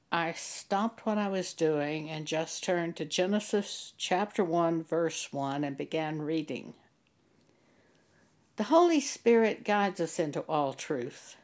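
Slow, gentle-spoken Christian woman. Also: fairly low pitch. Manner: slow and deliberate, gentle, measured phrasing. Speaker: Christian blogger and author. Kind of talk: slow devotional testimony.

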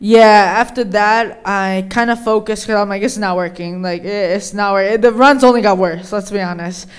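A man's voice: high voice, steady tone, normal speed, clear, resonant tone. A teenage boy talking candidly in a casual conversation, telling a story with many fillers. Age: teens. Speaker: son, guest.

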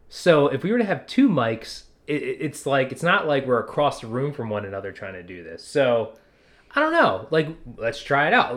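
Laid-back slangy man podcaster. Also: medium pitch. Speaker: podcast co-host. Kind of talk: casual chat. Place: home desk, sharing one mic. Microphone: single shared desk mic, set away from him.

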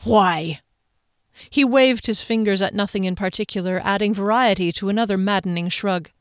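Female audiobook narrator, measured and even, dry close sound. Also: medium pitch, clean tone, no room sound. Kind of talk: scripted narration.

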